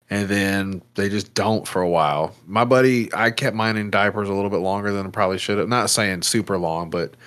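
A man's voice: fairly low pitch, a bit bright. A man chatting casually as a parent giving blunt potty-training advice, swearing freely. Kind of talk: casual podcast chat.

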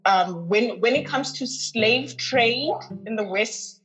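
A woman's voice: fairly high pitch, takes it slowly, fairly bright tone, soft background music, low-quality recording. A woman from the North West, a podcast guest telling a personal story in a heartfelt, emphatic way and repeating words for weight. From North West, South Africa.

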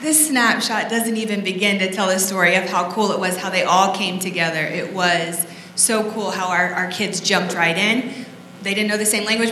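A woman's voice: on the low side, pushed and bright. A woman leading a church service, chatty and enthusiastic as she introduces students. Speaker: youth leader introducing speakers. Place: church sanctuary. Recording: echoey hall, faint noise.

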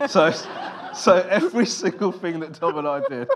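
A comedian in a casual interview, telling stories in a dry, self-mocking way with lots of "uh" and restarts. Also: male voice, fairly high pitch, lively intonation, moderate pace, a bit bright, slight background noise. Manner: dry self-deprecating storytelling with fillers. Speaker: comedian guest.

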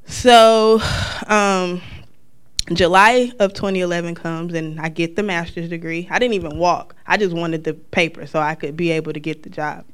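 A woman from North Carolina, sharing a personal testimony as a lively storyteller who acts out the lines of the people in her story. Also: on the low side, normal speed, smooth.

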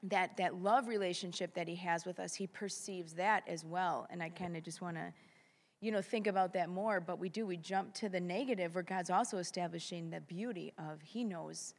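A woman's voice: fairly low pitch, moderate pace, in a large hall. A woman in a Bible study class, thinking aloud as she shares an insight. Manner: reflective, thinks aloud with restarts. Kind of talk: sharing thoughts in a class discussion.

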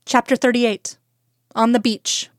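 A woman narrating a fan-fiction audiobook in a steady, even storytelling manner. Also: on the high side, a little slow, no echo, clean studio sound.

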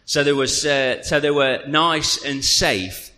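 A man preaching a sermon, telling a humorous personal story in a chatty, animated way. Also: fairly high pitch, slow pace. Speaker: pastor. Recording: reverberant hall.

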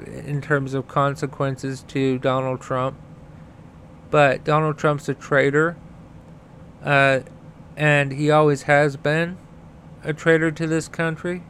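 A mid-range male voice with little pitch movement speaks slowly, a bit bright, over a slight hiss or hum. The podcast host rants angrily and profanely about politics, stuttering so that he repeats sounds and words while getting going.

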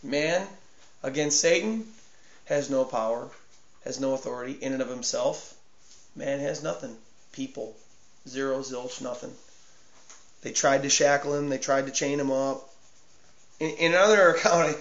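A man preaching a sermon with passion. He drops to a hush, then builds to a shout, and repeats words for emphasis. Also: on the high side. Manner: impassioned, swinging from hushed to shouting. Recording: echoey room, dull lo-fi sound.

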